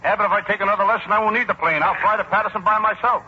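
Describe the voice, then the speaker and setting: A man's voice: sits high, steady tone, racing, highs cut off. A man doing indignant, wisecracking 1940s radio comedy, on a heavily hissy broadcast recording.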